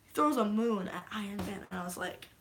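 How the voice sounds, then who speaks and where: A woman casually recapping a movie's plot in a vlog, excitable, swearing freely and geeking out. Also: mid-range voice, a little fast, slight background noise. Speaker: vlogger.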